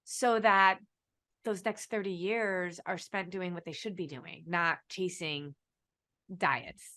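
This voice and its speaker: An upbeat woman hosts a live-stream chat with a bright, forceful edge to her voice. She encourages her guest and speaks straight to the viewers, keeping the talk lively. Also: fairly low pitch, takes it slowly. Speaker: host, nutrition business owner.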